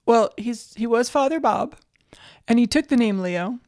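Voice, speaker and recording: A woman's voice: a little high, animated, a little slow, a little mellow. A middle-aged woman co-hosting a comedy podcast, talking casually, bluntly and jokily, with plenty of swearing. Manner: blunt, swears freely, jokey. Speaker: podcast co-host.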